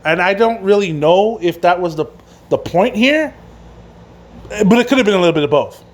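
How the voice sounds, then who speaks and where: A man's voice: high-pitched, lively intonation, moderate pace, a little hiss or hum. A man hosting a casual solo wrestling review, rambling and swearing, with many fillers and restarts. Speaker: wrestling podcast host.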